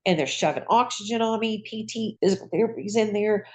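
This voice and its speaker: A woman, a retired nurse, telling her own patient story in a lively, folksy conversational way. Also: medium pitch, brisk. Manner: lively, acts out voices in quoted dialogue. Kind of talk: personal storytelling.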